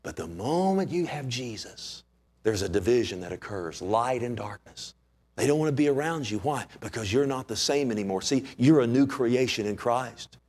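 A man preaching a sermon as pastor, animated and conversational, with many rhetorical questions. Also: medium pitch, normal speed.

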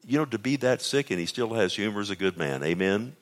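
Low-voiced male preacher teaching scripture. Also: fairly quick, hardly any pauses. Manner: conversational Bible teaching, asks the congregation for agreement; acts out the text in a lively voice. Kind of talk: sermon.

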